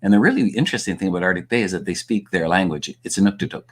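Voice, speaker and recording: A man's voice: low-pitched, racing, breathy edge. A man from Canada, a guest speaker and author, giving a storytelling talk and acting out the dialogue vividly.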